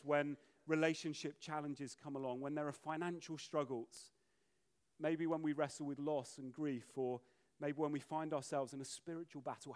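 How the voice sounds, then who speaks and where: A man preaching with a high, light voice. He is lively and animated, and he slips into the voices of the people in his story. The delivery is a sermon to a congregation. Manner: animated, acts out voices of biblical figures.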